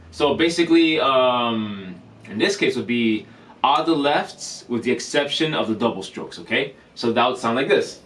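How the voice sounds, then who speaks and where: A man giving a casual drum lesson in a vlog, talking in a relaxed, rambling way with lots of fillers and restarts. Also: mid-range voice. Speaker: drum teacher vlogger. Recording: distant mic, faint room ambience.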